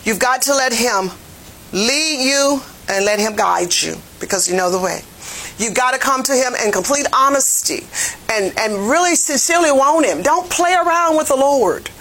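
A woman Bible teacher preaching a lesson in a fervent, plain-spoken way, her voice swelling to near-shouts. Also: sits high, expressive, moderate pace, poor audio. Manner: folksy, plain-spoken phrasing. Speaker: jail ministry Bible teacher.

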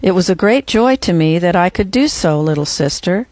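A reader voicing a kind, gentle male spirit who speaks softly and patiently, in an audiobook reading. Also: mid-range voice, lively intonation, moderate pace, dry recording, close to an everyday voice. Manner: soft, patient, reassuring.

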